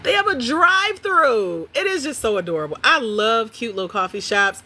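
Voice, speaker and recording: A woman hosting a livestream from home, chatting casually with viewers in an animated way and laughing often. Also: a little high, normal speed. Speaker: livestream host.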